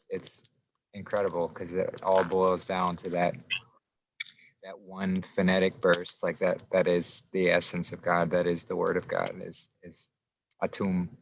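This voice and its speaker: A man in relaxed casual conversation, speaking in an easygoing way with fillers, outdoors in a forest. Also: deep voice, moderate pace, vocal fry, slight background noise, low-quality recording. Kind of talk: casual chat.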